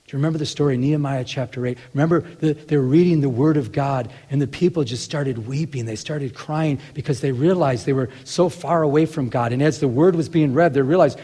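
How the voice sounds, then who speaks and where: A man's voice: on the high side, fairly quick, few pauses, warm tone, husky. Man preaching a Bible talk in a reverberant space. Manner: conversational, with many restarts and acted asides. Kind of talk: Bible teaching sermon.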